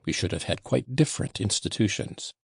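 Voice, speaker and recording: Audiobook: man voicing a scornful young manservant, low gravelly tone, curt and cold. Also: lively intonation, a little fast, dry recording, studio quality, full character voice. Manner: curt, disdainful. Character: sullen proud young male servant, contemptuous. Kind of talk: audiobook reading.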